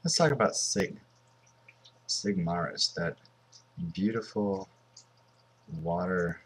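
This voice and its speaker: A man's voice: deep voice, animated, slow, a little hiss or hum. A man in his twenties from Southern California, giving casual, rambling commentary over a mobile game. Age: 20s. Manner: rambling and offhand.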